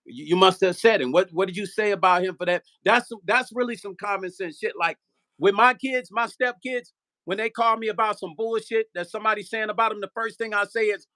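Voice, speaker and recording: A man on his own channel, ranting with a high-pitched voice. His tone is bright and edgy, full of curses and repeated questions. He talks straight to the viewers about someone who wronged him. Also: a little fast. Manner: profane, repetitive, rhetorical. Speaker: vlogger; musician. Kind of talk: heated casual rant.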